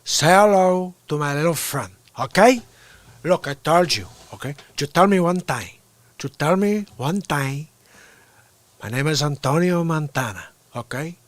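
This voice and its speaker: A man's voice: a little high, expressive, unhurried, no echo. A man doing a put-on Cuban accent as a tough, swaggering gangster who keeps saying "okay?". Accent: Cuban Spanish, put on. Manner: tough, punctuates lines with "okay?". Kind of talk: comedic movie-character impression.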